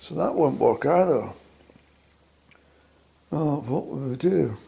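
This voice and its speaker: A man with a Scottish accent rambles at home in a solo fireside-style monologue. His voice is gravelly and mellow, and he pauses often, musing wryly and halting over his words. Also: fairly high pitch, animated. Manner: wry, musing, halting with many fillers. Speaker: vlogger.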